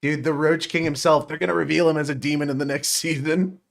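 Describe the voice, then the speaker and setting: A man's voice: a little high, flat delivery, quick pace, gravelly. A man co-hosting a casual podcast, sarcastic and crude, swearing and laughing often as he reacts to a video. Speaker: podcast co-host.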